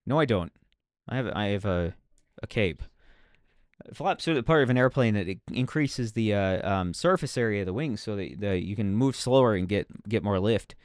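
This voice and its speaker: A man's voice: lowish voice, animated, moderate pace, no room sound, clean studio sound. A man streaming a video game, chatting casually and mocking himself as he plays. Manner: chatty, self-mocking, talks to himself while playing. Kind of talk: casual gameplay commentary.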